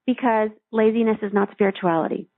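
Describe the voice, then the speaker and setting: Over a tinny, dry phone line, a woman with a mid-range voice, fairly even intonation and vocal fry tells a story and guides a meditation. This spiritual teacher speaks earnestly and soothingly, going slow during the guided parts.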